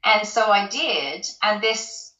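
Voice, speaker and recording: A woman from the UK tells her story as an interview guest, chatty and loose, with plenty of ums and false starts. Her voice is bright and clear-toned. The recording sounds roomy and a little dull. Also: medium pitch, expressive, slow. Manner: chatty, many ums and restarts, laughs often. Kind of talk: personal storytelling in conversation.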